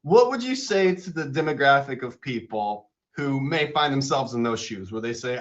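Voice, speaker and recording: A man's voice: medium pitch, lively intonation, normal speed, few pauses. A man hosting a casual live-stream interview, giggly and upbeat, teasing himself as he goes. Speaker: host. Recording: dull lo-fi stream audio.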